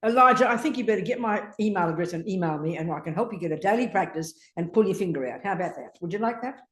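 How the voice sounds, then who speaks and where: A woman's voice: medium pitch, lively intonation, fast talker. An older woman Buddhist teacher, questioning a student in a brusque, confrontational way and swearing freely. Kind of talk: blunt teaching exchange with a student. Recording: echoey teaching room.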